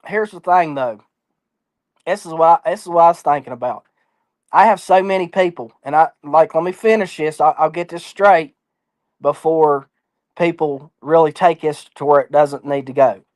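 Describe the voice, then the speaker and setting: A man's voice: on the high side, moderate pace, darkish tone, no room sound. A man talking as an interview guest in a casual chat, blunt, defiant and full of swearing.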